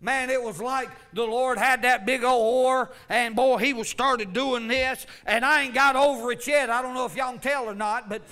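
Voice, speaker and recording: A man preaching a fervent sermon, swinging from loud calls to low asides. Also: steady tone, moderate pace, hardly any pauses. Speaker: pastor.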